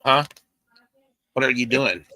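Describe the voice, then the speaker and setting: Slow-talking man with a bright, dry voice. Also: medium pitch. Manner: easygoing, drawling, coos soothingly to his dog. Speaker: livestream co-host. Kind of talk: casual livestream chat.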